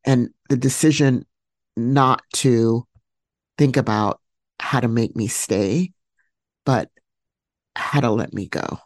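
A woman hosting a podcast, telling a personal story alone in a reflective, heartfelt way, pausing to search for words. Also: extremely low pitch, darkish tone, dry recording, studio quality. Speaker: podcast host.

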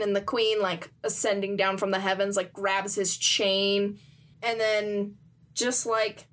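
A woman's voice: mid-range voice, flat delivery, a little slow, fairly bright tone. A woman in casual chat, animatedly retelling a story and acting out the characters' lines. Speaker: podcast co-host recapping a comic.

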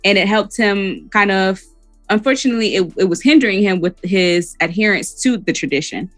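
A woman's voice: medium pitch, moderate pace, a bit bright, dry recording, faint music behind. A woman co-hosting a casual podcast, explaining clinical diagnoses in plain talk and laughing between points. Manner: clinical terms mixed with laughing banter. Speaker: podcast co-host, therapist. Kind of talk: casual chat.

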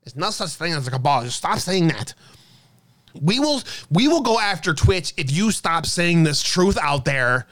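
A man's voice: sing-song, moderate pace, fairly bright tone. Man doing a whiny, scolding sarcastic critic. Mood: sarcastic mocking. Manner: sarcastic, scolding, higher-pitched. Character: whiny dismissive grown man mocking critic.

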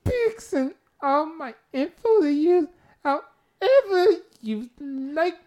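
A man voicing a whining, pathetic young man who begs in a squeaky, breathless tone. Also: sing-song, takes it slowly, a little mellow, exaggerated voice. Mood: pleading.

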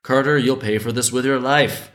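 A man's voice: medium pitch, fairly even intonation, normal speed, fairly bright tone, natural voice. A man voicing a vengeful little male sparrow in a storytelling show, repeating a threat. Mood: threatening.

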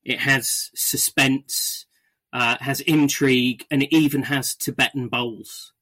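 A man's voice: medium pitch, steady tone, slow, bright, forceful tone. A man hosting a podcast in casual chat. He talks with eager enthusiasm and often stammers and restarts his words. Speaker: podcast host.

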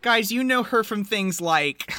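Bright-voiced woman podcast co-host. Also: medium pitch, animated, unhurried, no room sound. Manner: playful, laughs a lot, rattles off lists. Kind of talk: casual chat.

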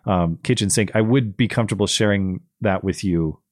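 A man with a lowish voice hosts a call-in show, talking loosely and circling back on himself with frequent fillers. The sound is dry and close, with no room around it. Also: normal speed, dry recording. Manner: rambling with fillers and restarts. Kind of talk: casual chat.

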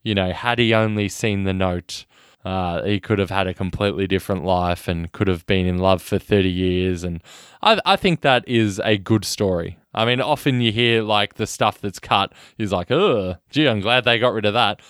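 Low-voiced man, earnest and halting. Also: a bit bright, clean tone, no echo, clean studio sound. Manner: earnest, halting, many restarts. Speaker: podcast co-host. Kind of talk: casual film discussion.

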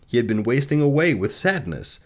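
A man reading a fairy tale aloud and then reflecting on its lessons, in a measured, gentle way. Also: mid-range voice, sing-song. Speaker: storyteller.

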